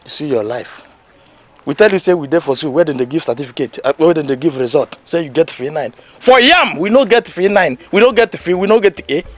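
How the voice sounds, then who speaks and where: An actor playing a boastful, know-it-all village man who lectures his friend in Nigerian Pidgin, loud and laughing at his own jokes. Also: on the high side, animated, fairly quick, dull audio. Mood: lecturing. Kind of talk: comedy film acting.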